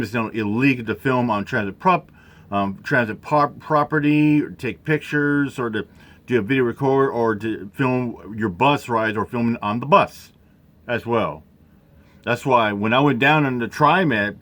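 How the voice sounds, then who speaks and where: A man giving rambling casual commentary over a video, halting often with fillers and restarts. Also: medium pitch, a bit bright.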